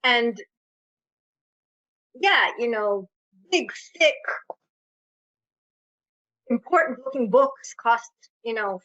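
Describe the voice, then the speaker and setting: Animated storyteller woman, American accent. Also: fairly high pitch. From Israel. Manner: animated, playful storytelling with vivid voices. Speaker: storyteller guest. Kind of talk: personal storytelling in an interview. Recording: muffled lo-fi audio.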